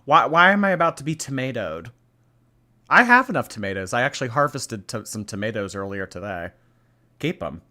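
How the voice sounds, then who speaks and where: A man's voice: medium pitch, sing-song, fairly quick, sharp tone. A man hosting a casual reaction stream, reading chat and giving blunt, chatty opinions with casual swearing.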